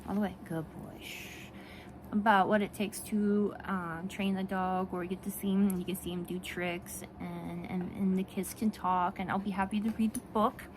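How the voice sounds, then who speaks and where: A woman talking casually in a vlog, animated and rambling, with frequent restarts and laughs. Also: mid-range voice, normal speed, hardly any pauses, background noise. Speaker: vlogger and children's book author. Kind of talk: casual talk to camera.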